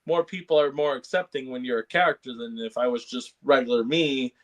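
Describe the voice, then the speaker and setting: A man's voice: mid-range voice, steady tone, brisk. A man co-hosting a casual podcast chat, rambling with lots of fillers and laughs. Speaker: podcast co-host.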